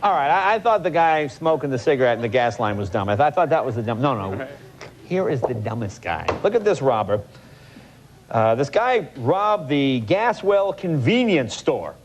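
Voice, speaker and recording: A man's voice: mid-range voice, big pitch swings, moderate pace, background noise. A man in his forties hosting a late-night show, reading odd newspaper clippings with wry, mock-incredulous asides. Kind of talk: comic monologue reading clippings. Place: television studio with live audience. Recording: loud studio audience laughter.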